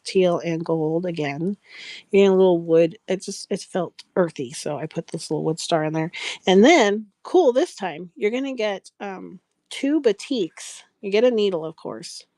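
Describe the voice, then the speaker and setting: This craft seller runs a live sales show, greeting viewers by name as she rambles and laughs in a casual chat. She has a lowish, darkish voice at normal speed, recorded with no room sound.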